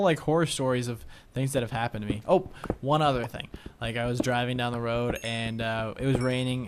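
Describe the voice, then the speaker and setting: A young man telling rambling stories while commenting on a video game he is playing, with lots of fillers. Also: mid-range voice. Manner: rambling storytelling with many fillers. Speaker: let's play commentator. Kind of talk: casual gameplay commentary. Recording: home recording with audible background noise. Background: clicking sounds.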